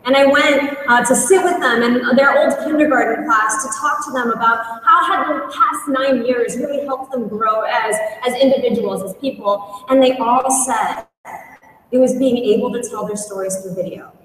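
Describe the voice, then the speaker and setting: A woman teacher giving a conference talk, telling stories in an earnest, animated way. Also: a little high, moderate pace. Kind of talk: storytelling presentation. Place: large conference hall. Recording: echoey hall, voice from far off.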